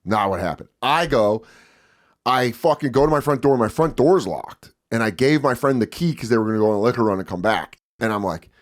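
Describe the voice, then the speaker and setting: A man in his forties telling a story casually as a podcast guest, profane and animated, acting out voices loudly. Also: medium pitch, a little fast.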